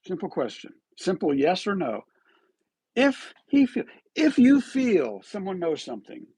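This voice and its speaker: A man's voice: high-pitched, huge pitch swings, moderate pace, darkish tone, slightly rough, dry recording. A man hosting a live online commentary show, talking on his own in a rhetorical, accusatory way and often tagging his points with "right?".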